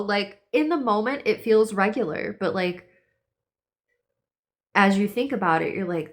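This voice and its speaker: Woman, horoscope reader, casual and chatty, middle pitch, fillers galore. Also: normal speed, fairly bright tone. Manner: chatty, lots of "like", acts out quoted voices. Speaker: tarot and astrology reader. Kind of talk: casual spiritual reading.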